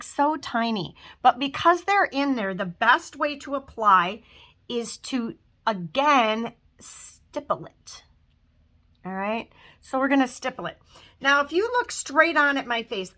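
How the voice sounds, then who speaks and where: A woman's voice: on the high side, bright, forceful tone. A woman in her fifties giving a casual makeup tutorial at home, chatty and talking while she works, trailing off into fillers. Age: 50s. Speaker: makeup vlogger.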